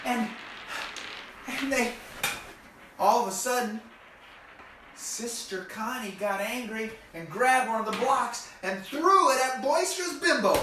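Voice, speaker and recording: A man's voice: very high-pitched, animated, slow, pauses often, noisy background. A man telling a story to children in a playful, folksy way, talking to the kids directly as he goes. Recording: echoey room, mic far off.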